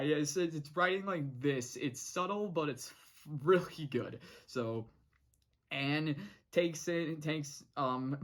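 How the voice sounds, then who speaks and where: Young adult vlogger, casual episode recap, rambly and giggly, mid pitch. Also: a bit bright. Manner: rambling, many restarts and laughs. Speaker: show reviewer. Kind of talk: casual vlog episode review.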